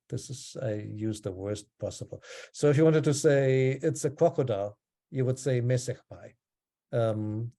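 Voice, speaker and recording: A man leads an online class over a video call, explaining things calmly and stopping often for ums. His voice is mellow and dark, at a middle pitch. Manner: relaxed, explanatory, with frequent ums. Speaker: teacher.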